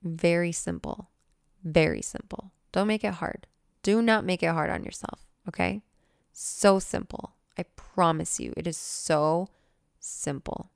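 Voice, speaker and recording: A young woman chatting excitedly in a casual vlog, gushing and swearing casually as a manifestation coach. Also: on the low side, a little slow, vocal fry, clear, resonant tone, dry recording, clean studio sound. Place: new apartment.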